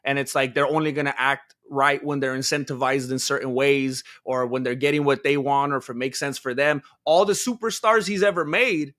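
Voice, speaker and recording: A man's voice: medium pitch, fairly even intonation, fairly quick, hardly any pauses, fairly bright tone, no echo, studio quality. A man co-hosting a podcast in casual chat, opinionated and rambling. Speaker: podcast co-host.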